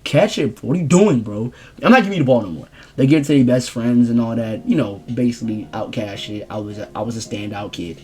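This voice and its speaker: A young man rambling through a casual storytime vlog in slangy, animated speech. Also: medium pitch, fast, few pauses. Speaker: streamer telling a story.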